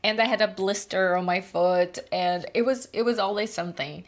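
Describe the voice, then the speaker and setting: A woman's voice: mid-range voice, normal speed, few pauses. A woman giving an earnest, heartfelt life update to her viewers. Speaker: vlogger. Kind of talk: reflective life-update narration.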